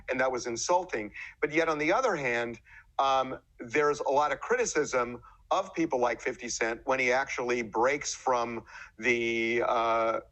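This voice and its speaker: A man speaking in an interview clip, measured and hesitant, often pausing and restarting his sentences. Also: medium pitch, a bit bright, rough recording.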